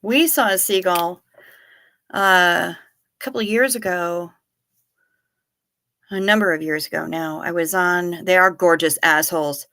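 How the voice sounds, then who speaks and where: A woman's voice: fairly low pitch, unhurried, pauses often, sharp tone, no echo, clean studio sound. A woman hosting a livestream, telling rambling stories with wry asides and answering her chat casually. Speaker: livestream host.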